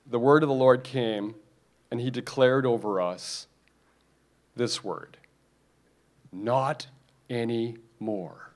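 A man's voice: mid-range voice, takes it slowly, long pauses. A man preaching a sermon, emphatic and repetitive, often restarting his phrases.

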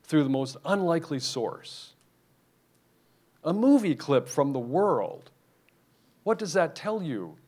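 A man's voice: fairly high pitch, very animated, takes it slowly, long pauses, a little mellow. A man preaching a sermon, emphatic and repetitive, often restarting his phrases.

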